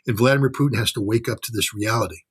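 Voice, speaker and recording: A man's voice: medium pitch, very fast, a bit bright, breathy edge. An American man giving heated political commentary, blunt and profane, mimicking the voices of others to make his point. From United States. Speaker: commentator guest.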